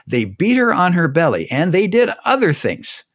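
Man, lively intonation, emphatic, restarts often, dry recording. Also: high voice, normal speed, dry recording. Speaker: guest speaker on theology. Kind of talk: animated conversational storytelling.

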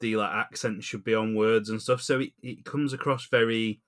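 A man co-hosting a podcast, rambling and animated in casual chat, laughing often. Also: on the low side, normal speed. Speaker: podcast co-host.

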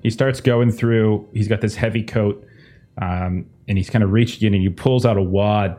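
A man narrating as game master, in a relaxed and rambling way. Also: lowish voice, moderate pace.

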